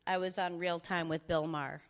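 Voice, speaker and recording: A woman's voice: lowish voice, steady tone, brisk. A woman, a comedian and author, reading live to an audience with wry asides and bursts of laughter.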